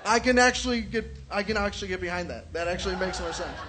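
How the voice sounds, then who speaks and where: Man, stand-up comedian, crude profane storytelling, high pitch, faint room noise. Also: fast talker, a crowd in the background. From Chicago area.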